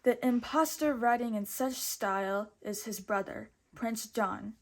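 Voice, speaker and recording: Clever outlaw hero, eager and quick, a woman doing him in a storybook read. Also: on the high side. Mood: explaining. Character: bold, clever young male outlaw hero.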